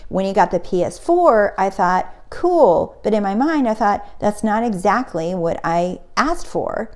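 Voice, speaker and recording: A woman's voice: medium pitch, lively intonation, normal speed. A middle-aged woman, a spiritual coach, telling a personal story in a casual motivational talk and acting out the quotes.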